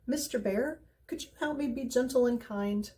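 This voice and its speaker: Woman doing an eager young boy dragon, rough but sweet, pleading, pitched up, mellow soft tone. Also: moderate pace, lightly acted. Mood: earnest. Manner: pleading, earnest.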